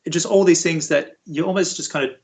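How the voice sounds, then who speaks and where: A man speaking as an interview guest, a university VFX lead explaining things in a relaxed, conversational way. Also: a little high, fast talker, poor audio. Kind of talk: casual interview chat.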